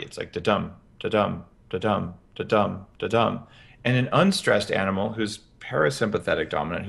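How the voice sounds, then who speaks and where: A man as a podcast guest, explaining practical health advice in an energetic interview. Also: mid-range voice, vocal fry. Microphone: headphones with podcast mic.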